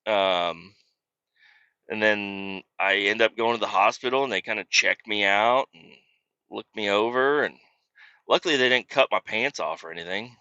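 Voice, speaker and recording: Bright-voiced man telling a crash story. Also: on the low side, moderate pace, smooth, dry recording, highs cut off. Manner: profane, rambling, self-mocking. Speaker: podcast host. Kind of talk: casual storytelling.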